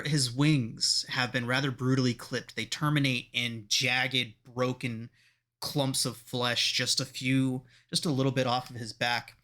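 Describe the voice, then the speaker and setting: A male game master narrating a tabletop role-playing session. He describes the scene in a measured, unhurried way. His voice is bright and ringing at a middle pitch.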